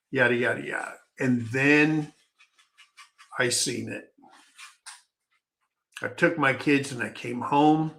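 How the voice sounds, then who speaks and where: A man talks slowly and unhurriedly, letting a personal story wander in a folksy, rambling way. His voice is bright and forward, and he often trips over his words and starts a sentence again. It feels like relaxed podcast chat rather than scripted delivery. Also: mid-range voice, gravelly. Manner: rambling, folksy, halting with restarts.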